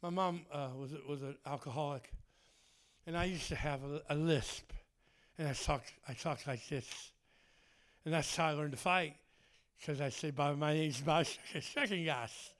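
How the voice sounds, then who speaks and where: A man's voice: a little high, moderate pace, pauses often. A man preaching a charismatic sermon, moving from fervent prayer to folksy personal stories. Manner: fervent shouted prayer, then folksy storytelling.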